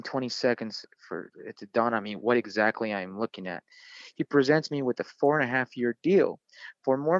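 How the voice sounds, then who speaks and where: A man's voice: mid-range voice, no echo, dull audio. A man in his thirties, a soccer player, animatedly telling a story in an interview with lots of fillers. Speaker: guest, professional soccer player.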